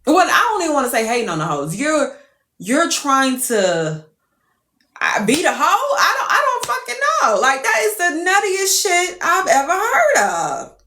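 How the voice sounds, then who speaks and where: A woman's voice: sits high, reverberant. A young woman, telling a profane, exasperated storytime rant to her followers. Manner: profane, animated, exasperated, laughing. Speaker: TikTok creator.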